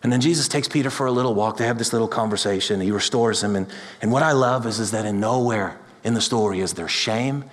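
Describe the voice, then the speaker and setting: Man, pastor, sermon, passionate, rises to loud peaks, long hall reverb. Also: lowish voice, fast talker.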